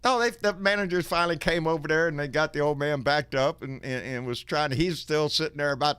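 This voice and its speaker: Dude hosting a live chat show, bright voice, gets loud and excited telling stories, swears a lot. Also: male voice, fairly high pitch, fast talker, hardly any pauses, clear, resonant tone, no echo. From Texas. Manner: animated storytelling, cursing freely. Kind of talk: casual chat with a caller.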